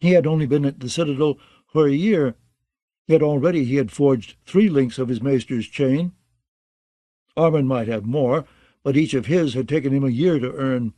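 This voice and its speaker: A man narrating a fantasy audiobook in a steady, even reading style. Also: mid-range voice, moderate pace, dry recording.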